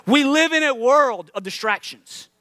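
A man's voice: very high-pitched, lively intonation, measured pace, sharp tone, no echo, clean studio sound. A man preaching a sermon as pastor, earnest, restarting phrases often and building to emphatic peaks.

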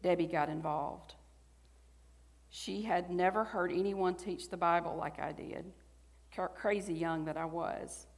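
A woman's voice: on the low side, unhurried, vocal fry. A woman in her forties with a Southern US accent, giving a sermon that builds to emphatic, rising exhortation. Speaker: speaker. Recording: long hall reverb.

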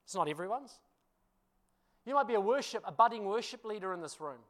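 A male pastor, preaching a sermon through animated, self-deprecating storytelling, often laughing and checking in with the congregation. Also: high-pitched, brisk. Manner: addresses congregation with frequent "you know" and "hmm?".

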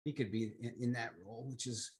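A man's voice: mid-range voice, steady tone, fairly quick. Chatty man giving wrestling opinions. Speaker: wrestling podcast co-host. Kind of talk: casual chat about wrestling.

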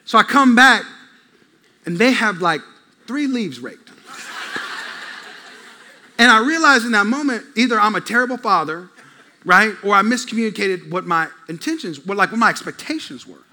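A man's voice: sits high, moderate pace, long pauses. A man preaching a sermon with humor, telling family stories and talking directly with the congregation. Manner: animated, acts out family scenes; talks with the congregation. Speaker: pastor.

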